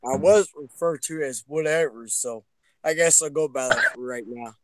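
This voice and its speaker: A man's voice: medium pitch, normal speed, heavy background noise. A man in a casual political chat, urging his listeners earnestly and often restarting his sentences. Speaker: guest.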